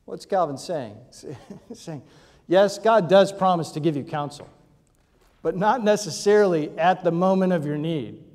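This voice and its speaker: A man's voice: fairly high pitch, darkish tone. A male pastor preaching a sermon in a conversational teaching manner, often asking rhetorical questions and checking in with his listeners. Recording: long reverb of a large hall.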